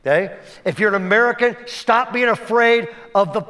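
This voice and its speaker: Pastor with a higher male voice, preaching. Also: normal speed. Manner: swings between emphatic and hushed delivery; direct, conversational, often checks in with "okay?". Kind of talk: sermon storytelling.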